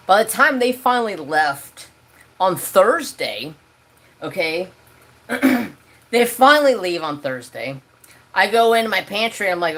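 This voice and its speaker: A man hosting a crafting livestream from home, telling a story in a casual, animated way and swearing freely as he rants. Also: sits high, slow pace, long pauses. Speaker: crafting channel host.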